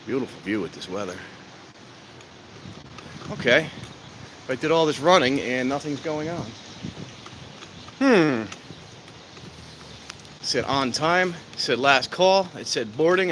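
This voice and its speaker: A man's voice: fairly high pitch, fairly bright tone, a little hiss or hum, rough recording. A man hosting a casual trainspotting live stream outdoors at a station, grumbling and exasperated while he waits. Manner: grumbling, exasperated, talking to himself. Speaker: trainspotting livestream host.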